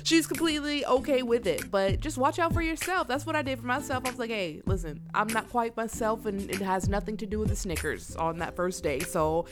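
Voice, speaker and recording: A young woman hosts her own podcast, speaking candidly and casually to listeners she calls y'all in a solo monologue. Her voice is fairly high and fairly quick, with hardly any pauses, and there's music underneath.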